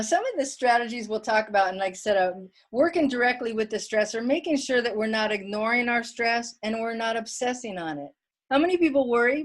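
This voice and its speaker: A woman giving an online wellness workshop talk from home, chatty and plain-spoken, reading viewer comments aloud. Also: fairly high pitch.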